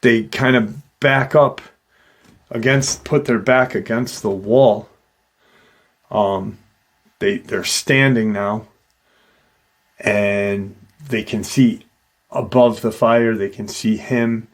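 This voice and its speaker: A middle-aged man slowly retelling a witness's eerie encounter in a casual, halting way, with many fillers. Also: on the low side, fairly even intonation. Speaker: host retelling a witness account. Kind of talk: casual storytelling.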